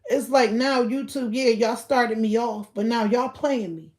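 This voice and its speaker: Woman ranting on a livestream, AAVE, kinda high voice, keeps going loud then mumbly. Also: measured pace. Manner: ranting, keeps asking "you feel me", swings between loud outbursts and low mutters. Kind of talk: casual livestream rant.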